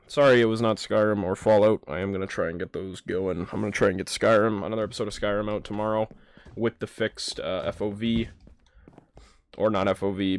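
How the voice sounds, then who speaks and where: A man's voice: on the low side, slight background noise. A man with a nasal voice rambling casually and profanely while playing a video game. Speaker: gaming YouTuber. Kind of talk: casual gaming commentary.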